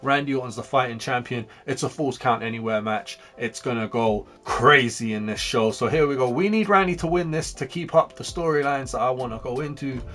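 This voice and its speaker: A man's voice: mid-range voice, fairly bright tone. A young man hosting a gaming channel, talking through his game in a chatty, upbeat way. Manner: chatty and upbeat, jumping between fast and slow. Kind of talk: casual gameplay commentary.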